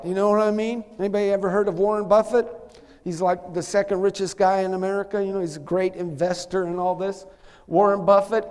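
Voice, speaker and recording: A man's voice: high-pitched, brisk, a little mellow, long reverb tail. A man preaching a sermon as pastor, emphatic, calling on the congregation to answer back. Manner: emphatic, calls for congregation responses. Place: church sanctuary.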